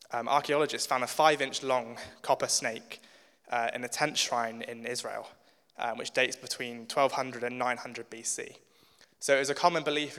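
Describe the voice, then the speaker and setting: A young man giving a relaxed, informal sermon in a church and reading scripture aloud, with many ums. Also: mid-range voice. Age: young adult. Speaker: church speaker. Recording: long church reverb.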